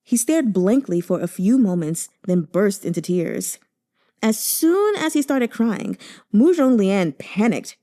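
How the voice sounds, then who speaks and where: Expressive woman reading a novel. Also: medium pitch, slow. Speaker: audiobook reader.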